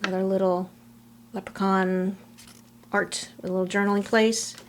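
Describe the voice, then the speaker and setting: A middle-aged woman chatting casually through a scrapbook album, relaxed, trailing off between items, recorded on a camera mic at home. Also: medium pitch, slight background noise. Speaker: crafter showing a scrapbook album. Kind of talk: casual show-and-tell narration.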